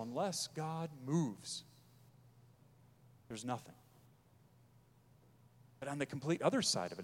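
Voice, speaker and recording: A man preaching a sermon as pastor, emphatic, pressing his points hard and then dropping his voice low. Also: big-room sound.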